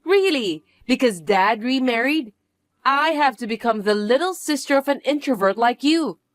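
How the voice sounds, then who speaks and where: A woman voicing a vain, bratty young stepsister who talks down to her sister in a high, smug tone. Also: lively intonation, normal speed, dry recording. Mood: scornful.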